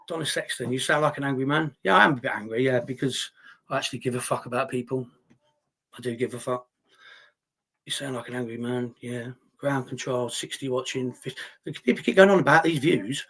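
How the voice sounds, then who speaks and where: A middle-aged man hosts a live stream, reading chat comments out loud and firing back bluntly and argumentatively, with frequent swearing. His medium-pitched voice has a fairly bright tone and a breathy edge.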